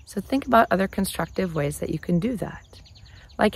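A woman hosting a casual advice talk to camera, conversational and animated. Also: medium pitch, normal speed, gravelly, slightly rough. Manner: animated, conversational, often acts out quoted phrases. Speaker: relationship advice host.

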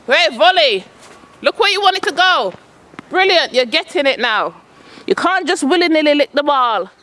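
A woman's voice: high-pitched, expressive, normal speed, pushed and bright. A woman coaching her son at tennis on an outdoor court, calling out shots and chatting casually to her vlog viewers. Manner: calls out shots, chatty and coaxing.

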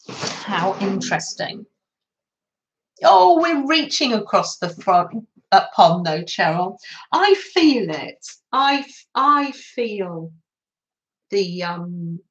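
A woman's voice: medium pitch, poor audio. An older woman hosting a casual craft livestream, gushing over her materials and answering viewers' comments as she works.

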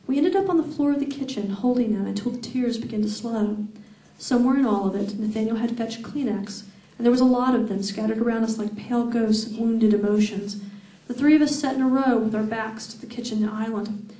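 Woman, author reading aloud, first-person fiction, steady expressive delivery, somewhat high voice, distant mic, echoey hall. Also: fairly quick. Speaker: author reading her novel. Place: event hall. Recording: echoey room, far from mic.

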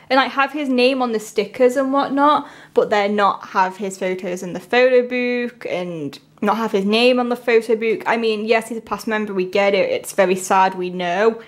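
A woman chatting her way through an unboxing video, rambling and emotional as she reacts to each item. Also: medium pitch. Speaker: vlogger. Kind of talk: casual unboxing commentary.

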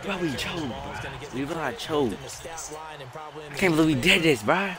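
A young man reacts loudly as he plays a football video game. His voice swings wildly up and down and often breaks into shouts. A roaring stadium crowd from the game plays behind him. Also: fairly high pitch, expressive, a little slow. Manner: loud, swearing, bursts into shouts. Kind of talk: excited live gameplay commentary.

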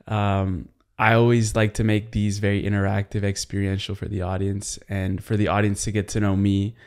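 Young guy host, low smooth voice, pretty flat, asks slow careful questions. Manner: measured, hesitant questioning with fillers. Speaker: podcast host. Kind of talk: interview questions.

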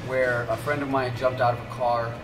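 A man telling a wild story in casual, profane, animated chat and acting out the voices. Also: medium pitch, moderate pace, echoey room, distant mic, music in the background. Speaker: guest, jiu-jitsu fighter.

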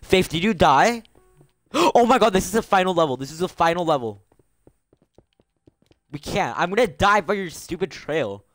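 A teenage boy streaming a game live, excitable and bantering with his chat and friends, gasping at every surprise. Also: on the high side, moderate pace, pauses often, dry recording, faint music behind.

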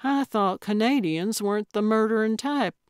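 A woman's voice: medium pitch, clean tone, no echo, clean studio sound, lightly acted. A woman reading as a cheeky elderly lady sleuth. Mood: surprised. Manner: quick-witted, cheeky, indignant.

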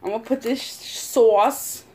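A young woman talks to her viewers while she eats. She rambles in a loose, casual way and swears freely, and her speaking voice sits a little high. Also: steady tone, slow, warm tone. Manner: chatty, swears a lot, rambling. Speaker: mukbang vlogger. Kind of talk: casual eating-show chat.

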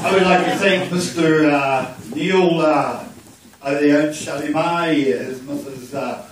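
A man's voice: a little high, measured pace, a faint crowd. A man with a New Zealand accent giving a loose, joking campaign speech as an election candidate, opening with a chant. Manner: jokey, loose, drawling delivery. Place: community centre hall. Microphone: far from the mic in a hall. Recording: very echoey hall, distant mic, faint hiss.

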